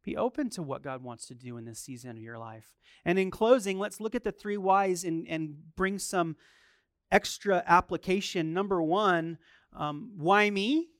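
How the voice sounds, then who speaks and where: A middle-aged man preaches with a slightly high, crisp and resonant voice. The sound is dry and close. He shifts between chatty, halting asides and emphatic, rising calls to the congregation. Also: no echo. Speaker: pastor. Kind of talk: sermon.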